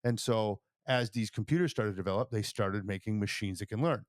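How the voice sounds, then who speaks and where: A man co-hosting a podcast who explains things at length in casual chat, often checking in with "right?". His voice sits a little low. The sound is dry and close. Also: brisk, no echo. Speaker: podcast co-host.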